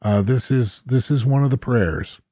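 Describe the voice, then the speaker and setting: A man's voice: mid-range voice, normal speed, mellow, dry recording, clean studio sound. A man co-hosting a casual book discussion podcast, chatting and reading passages aloud with a playful lift. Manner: reads quotes aloud with a rising, playful voice. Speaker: podcast co-host.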